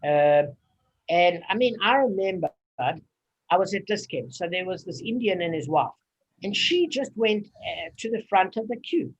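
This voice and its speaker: A man's voice: high voice, expressive, measured pace, breathy edge, dull audio. A man leading a casual Talmud study group, explaining at length with anecdotes and many fillers.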